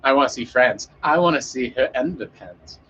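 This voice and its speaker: A man talks loosely and off the cuff to his audience, wandering between jokes and half-finished thoughts, with plenty of fillers and cursing. His voice sits mid-range in pitch. The sound is slightly dull and lo-fi, with a faint hiss of noise behind it. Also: animated, brisk, a bit bright. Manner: rambling, joking, with frequent swearing and fillers. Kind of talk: casual chat with an audience.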